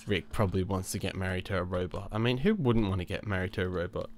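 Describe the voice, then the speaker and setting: A man's voice: sits low, quick pace, slight background noise. A man with a stuffed-up cold, casually commenting on his life-sim game with lots of fillers, restarts and chuckles. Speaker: gaming channel host. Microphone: new desk microphone.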